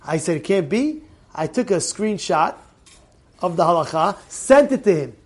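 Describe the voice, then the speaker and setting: A rabbi's voice sitting very high for a man, delivering an animated sermon. He hammers key phrases again and again, then drops into quiet, confiding asides. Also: moderate pace, slightly rough. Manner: emphatic, repeats phrases, swings between loud exclamations and quiet asides. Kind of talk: animated Torah class sermon.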